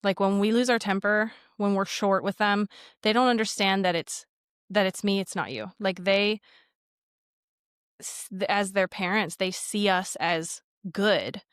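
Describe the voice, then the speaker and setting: Reflective woman talking slowly about faith. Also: medium pitch, clear, resonant tone, no room sound, clean studio sound. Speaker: podcast guest. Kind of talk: casual faith conversation.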